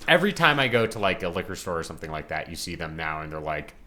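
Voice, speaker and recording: A young man co-hosts a podcast in easy, casual chat. His voice is bright and forward, and it swings widely in pitch as he tells his stories, often laughing through the lines. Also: fast talker. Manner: animated storyteller, laughs while talking. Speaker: podcast co-host.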